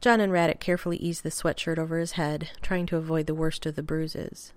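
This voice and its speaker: A woman narrates a story in a low voice, gentle and even in delivery. The recording is dry and close, with no room sound. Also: brisk, hardly any pauses, dry recording. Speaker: reader. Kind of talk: fan fiction audiobook narration.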